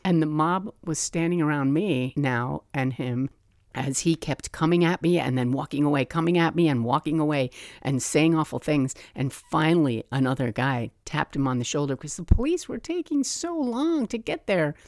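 A woman hosting her own podcast, telling a personal story in a lively way and acting out the voices she remembers. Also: low-pitched, moderate pace, dry recording, clean studio sound. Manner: animated, acts out remembered voices. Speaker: podcast host.

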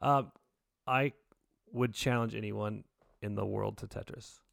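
A man in his forties co-hosting a podcast, telling a story in casual, excitable chat. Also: measured pace, gravelly, no room sound, studio quality. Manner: excitable storyteller, jumps pitch for quoted voices. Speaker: podcast co-host.

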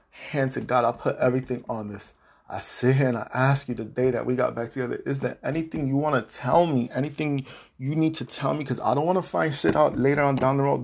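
A man's voice: mid-range voice, gravelly, slightly rough. A man hosting a podcast, delivering a heated, profane, repetitive monologue addressed to an ex-partner. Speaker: podcast host.

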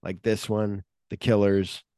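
A man's voice: fairly low pitch, little pitch movement, measured pace, warm tone, no room sound, clean studio sound. A man co-hosting a casual film podcast, rambling and searching for names with lots of fillers. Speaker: podcast co-host.

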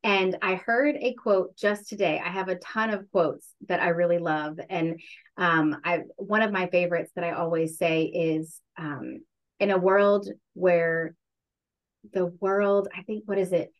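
A woman in a relaxed interview, opening up candidly about her life. Her voice sits on the lower side, and she leans on words and draws them out when something matters to her. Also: dull audio. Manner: candid, reflective, drawn-out emphasis. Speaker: interview guest. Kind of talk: casual interview chat.

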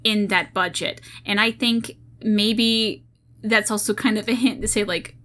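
A woman with a slight Southern twang co-hosts a casual podcast. Her voice is bright and crisp. She rambles, trails off and restarts her sentences. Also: medium pitch, steady tone, measured pace. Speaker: podcast co-host. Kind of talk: casual chat.

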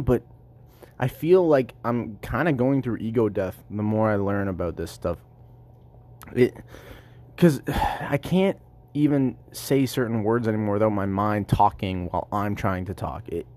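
Recorded at work with no microphone, this podcast host muses by himself in a casual, rambling way, often cutting himself off. He speaks with a fairly low pitch and a darkish tone.

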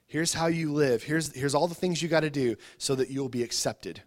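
A man preaching to a congregation in an informal, chatty way, his voice sitting a little high for a man. He stumbles over repeated words and keeps asking his listeners questions as he talks. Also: moderate pace. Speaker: pastor. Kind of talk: conversational sermon.

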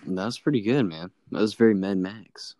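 Laid-back slangy man, low voice. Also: normal speed, warm tone, no echo. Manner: laid-back, slangy, jokey, says "dude" often. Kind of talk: casual chat.

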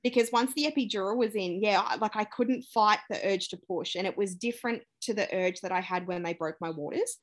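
Brisk and barely pausing, a young Australian woman with a medium-pitched voice shares a personal tale as a podcast guest. It's a candid, lively telling, full of acted-out dialogue and laughter.

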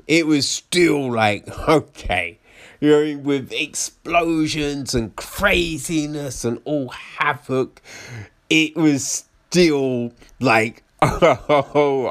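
Slow-talking man reviewing films. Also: on the high side, a bit bright, dry recording. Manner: chatty, laughs often, keeps asking "right?". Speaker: film reviewer. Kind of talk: casual film review.

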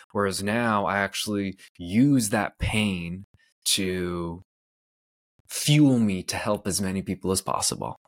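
A man from Canada hosting his own podcast, telling a personal story in an earnest, candid way with lots of casual "like" fillers. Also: deep voice. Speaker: podcast host.

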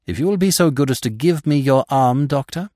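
A man's voice: mid-range voice, brisk, mellow, no echo, clean studio sound, pitched above the performer's own voice, natural voice. A man reading aloud, voicing a proud and dignified widow in a storybook mystery. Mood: resolute. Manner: dignified, emotional. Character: proud, resolute grieving older widow.

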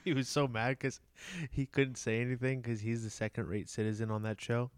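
Man, mid pitch, smooth clean voice, dry close mic, playful and quick to laugh. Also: flat delivery, no room sound. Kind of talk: casual chat.

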